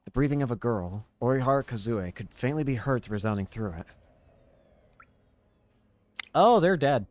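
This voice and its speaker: A young man playing a visual novel, reading its narration aloud and reacting casually. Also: medium pitch. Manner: casual, reacting with quick exclamations. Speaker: game streamer.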